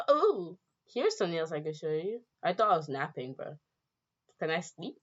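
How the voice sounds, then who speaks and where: A woman's voice: sits low, big pitch swings, moderate pace, slight background noise. A young woman playing a story game, reading it aloud and reacting in a playful, slangy way. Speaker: game streamer. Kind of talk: let's-play commentary and read-aloud. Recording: dull lo-fi sound.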